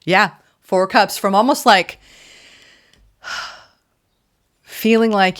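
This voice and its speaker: A woman giving a casual spoken tarot reading, expressive and emphatic, swinging between loud exclamations and soft murmurs, often saying "right?" and "like". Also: medium pitch, very slow, pauses often. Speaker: tarot reader.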